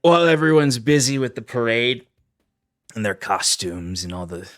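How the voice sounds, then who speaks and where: A man's voice: mid-range voice, expressive, moderate pace, a bit bright, no room sound, clean studio sound. A man narrating a tabletop role-playing game as game master, describing scenes loosely with many fillers.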